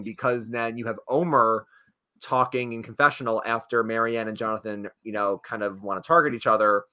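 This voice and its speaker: Bright-voiced man chatting animatedly. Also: mid-range voice. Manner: animated, rambling with fillers and restarts. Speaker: podcast co-host. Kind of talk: casual chat.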